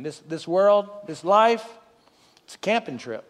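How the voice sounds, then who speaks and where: A middle-aged man preaching a sermon, telling a story in a folksy, humorous way and dropping low and quiet for quoted asides. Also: very animated, measured pace. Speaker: pastor. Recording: reverberant hall.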